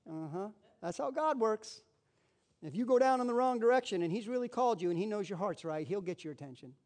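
Very high-voiced male preacher. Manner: lively preaching, acts out voices. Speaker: pastor. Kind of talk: sermon.

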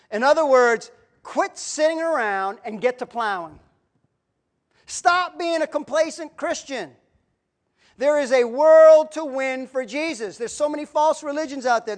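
A woman preaching a sermon in an earnest, emphatic way, swinging between loud declarations and quiet asides. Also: fairly high pitch. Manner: earnest, emphatic, rises and drops in volume.

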